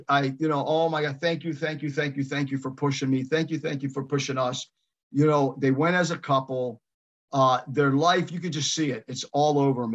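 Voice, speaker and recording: A man's voice: mid-range voice, fairly bright tone, highs cut off. A man leading a motivational coaching call, emphatic and given to repeating his phrases. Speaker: real estate coach leading a mastermind call.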